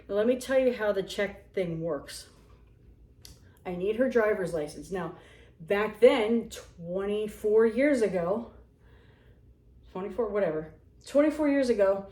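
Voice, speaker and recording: A woman in her forties tells a story in a casual, sarcastic way, acting out the people in it. Her pitch sits in the middle range. The room around her has a noticeable echo. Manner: animated, sarcastic, acts out quotes. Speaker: vlogger. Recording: roomy echo.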